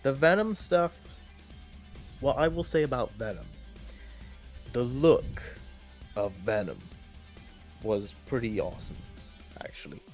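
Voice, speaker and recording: A man's voice: mid-range voice, lively intonation, unhurried, pauses often, soft background music. A man chatting casually and rambling as he ranks films, with many restarts and fillers. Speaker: co-host ranking films. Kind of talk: casual opinionated chat.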